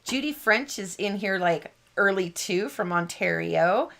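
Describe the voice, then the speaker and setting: A woman's voice: medium pitch, lively intonation, unhurried, vocal fry, a bit bright. A woman hosting a card-making live stream, chatting in a bubbly, rambling way and laughing often.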